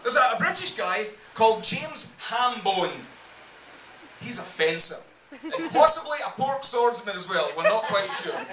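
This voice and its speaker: A man performing stand-up in a comedy club. His voice is very high and swings widely in pitch as he lands crude, playful punchlines. The sound is roomy and picked up from a distance. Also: big pitch swings, measured pace, pushed and bright. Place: comedy club room with a live audience. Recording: echoey club audio, mic from a distance.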